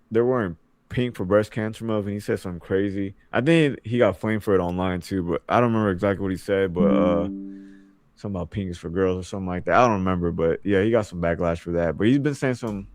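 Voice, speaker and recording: A man's voice: low voice, fast, a little mellow, dry recording. A young man co-hosting a sports podcast, talking in a loose, rambling way full of fillers and restarts. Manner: loose and rambling, filler-heavy, mimics announcers. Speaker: podcast co-host. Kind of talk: casual sports chat.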